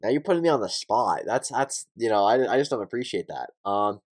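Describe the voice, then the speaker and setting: A man's voice: medium pitch, animated, a little fast. A man co-hosting a podcast in a laid-back way, repeating himself and saying 'like' often. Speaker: podcast co-host. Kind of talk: casual podcast chat.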